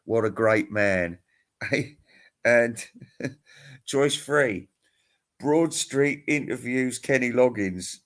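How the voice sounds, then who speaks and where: A man's voice: mid-range voice, very slow, pauses often. A middle-aged man talks in a loose, rambling vlog, sounding tired at the end of the night. He rants and swears his way through his complaints, chuckling to himself between points. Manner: profane, ranting, chuckling. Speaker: music vlogger. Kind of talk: casual rambling monologue.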